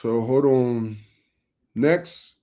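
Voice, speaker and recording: A man's voice: mid-range voice, extremely slow, mellow. A young adult man preaching informally to camera, emphatic and streetwise, with lots of repetition.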